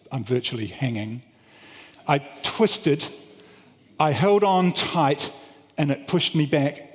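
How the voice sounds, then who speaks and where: A middle-aged man preaching a storytelling sermon to an audience, animated, with big swings in pitch and loudness. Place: large hall with an audience. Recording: long hall reverb.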